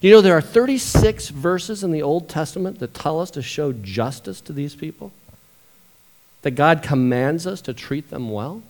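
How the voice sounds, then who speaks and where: A man preaching a sermon as pastor, moving from quiet storytelling to loud, emotional scripture reading. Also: a little high, expressive, normal speed.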